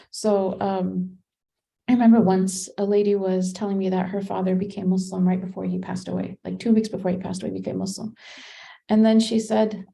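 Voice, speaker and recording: A woman's voice: medium pitch, creaky, warm tone, rough recording. A woman teaching a Qur'an study class, explaining commentary in a conversational way and thinking aloud with fillers and restarts. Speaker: religious teacher.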